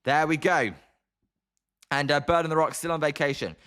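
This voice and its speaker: Young British man, fairly high voice, quick and chatty live stream commentator. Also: fairly even intonation, fairly bright tone. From Britain. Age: young adult. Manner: fast-talking, chatty. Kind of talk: live watch-along commentary and chat replies.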